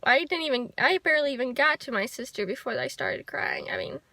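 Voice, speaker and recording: A young woman talking to the camera in a personal vlog, soft, heartfelt and reflective. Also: a little high, huge pitch swings, fairly quick, dry recording. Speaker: vlogger. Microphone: handheld camera.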